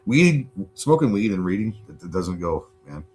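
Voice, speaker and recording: A man hosting a casual livestream from home, rambling and swearing a lot in relaxed chat. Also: fairly low pitch, normal speed, soft background music. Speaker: livestream host.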